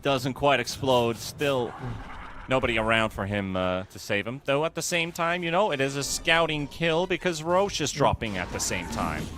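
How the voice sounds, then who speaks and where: A male esports caster calls a live match with quick, joking play-by-play. His voice is bright and tense. Faint noise sits under the recording. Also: medium pitch, expressive. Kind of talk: live game commentary.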